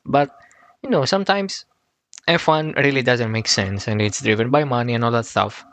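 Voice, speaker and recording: A man from Greece with a Greek accent hosting a podcast, speaking haltingly with many fillers. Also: medium pitch, fairly bright tone. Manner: halting, frequent "uh" and "um", laughs often. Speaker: podcast host. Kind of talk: casual podcast chat.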